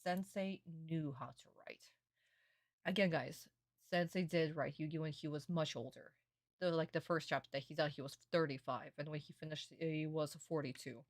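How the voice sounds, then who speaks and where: A young woman streamer in a casual reaction stream, excitable and gushing, swearing often. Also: sits low, moderate pace, no echo, studio quality.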